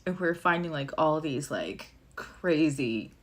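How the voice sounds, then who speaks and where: A woman's voice: sits low, animated, unhurried. A woman giving a casual live tarot and astrology reading, chatty and rambling with many fillers and asides.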